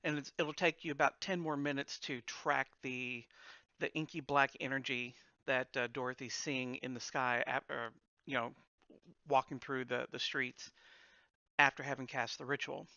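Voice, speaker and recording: A man's voice: medium pitch, level tone, moderate pace, sharp tone, dry recording, muffled recording. A man narrating as the game master of a tabletop game, with a casual manner, laughing often.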